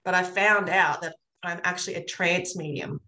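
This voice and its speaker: A woman's voice: fairly low pitch, fairly even intonation, normal speed, crowd noise. Chatty woman in an echoey room. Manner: earnest, chatty, rambling storytelling. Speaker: energy healer guest. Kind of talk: casual interview chat. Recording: roomy echo.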